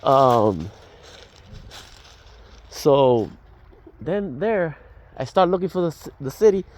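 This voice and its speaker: A man's voice: fairly high pitch, big pitch swings, takes it slowly, darkish tone. An older man telling a personal testimony in a casual, rambling way, with restarts and fillers and the dialogue acted out as he goes. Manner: reenacts dialogue as he tells it. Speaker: storyteller.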